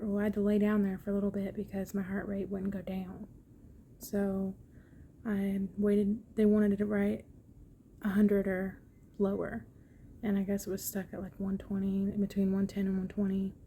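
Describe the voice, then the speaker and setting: A young woman talks into her phone from a hospital room in an easy, rambling way, full of ums and likes. Her voice is gravelly and stays flat, with a worn-out, slightly grouchy edge. A faint hum sits under the recording. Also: medium pitch. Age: young adult. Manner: chatty, tired and a bit grouchy, lots of fillers. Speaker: vlogger. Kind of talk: casual hospital update vlog.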